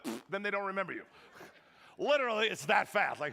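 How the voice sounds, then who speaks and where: A man preaching a sermon as a pastor, telling a story in an animated, joking way and acting out the lines of the people in it. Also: sits high, quick pace, gravelly. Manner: animated, joking, acts out quotes. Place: church hall. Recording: long reverb of a large hall.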